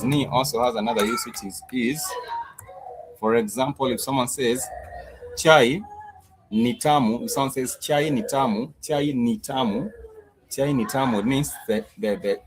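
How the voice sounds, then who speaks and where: A man teaching a live-streamed language lesson, patient and repetitive, with many pauses and "uh" fillers. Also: medium pitch, background noise. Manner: patient, repetitive, says "uh" often. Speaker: Swahili teacher.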